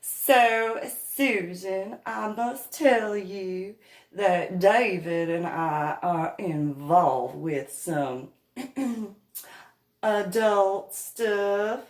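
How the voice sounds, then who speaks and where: Woman putting on a prissy sister-in-law, higher voice, slow and drawn out, echoey room. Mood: affected.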